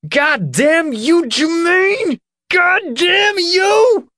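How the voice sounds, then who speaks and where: A man's voice: very high-pitched, expressive, extremely slow, bright, forceful tone, no echo, studio quality, pitched above the performer's own voice, exaggerated voice. A shrieking furious woman, as a male narrator puts her on. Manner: shrieking, crude, accusing. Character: furious heavyset woman screaming at her man.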